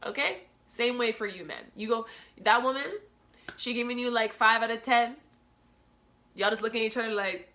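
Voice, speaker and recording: A woman's voice: fairly high pitch, moderate pace, sharp tone. A young woman hosting a solo podcast, talking candidly and emotionally, laughing often and lecturing her listeners. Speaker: podcast host.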